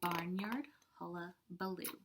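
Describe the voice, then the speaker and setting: A woman kindergarten teacher reading a picture book aloud to children, animated with soft-spoken asides. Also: lowish voice, slow pace, noisy background.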